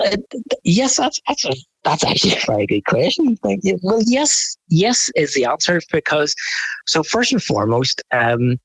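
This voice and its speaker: Northern Irish photographer, husky gravel voice, rambling and animated. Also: male voice, a little high, dry recording, low-quality recording. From Northern Ireland. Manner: rambling, animated storytelling with frequent restarts. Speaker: photographer guest. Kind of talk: casual interview chat.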